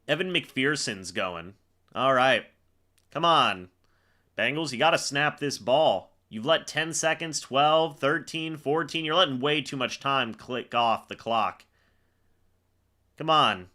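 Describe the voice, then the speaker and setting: Young man, live football reaction host, lively swooping voice, bright and forceful tone. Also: mid-range voice, takes it slowly. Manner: excitable, rises to shouts on big plays. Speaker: fan livestream host.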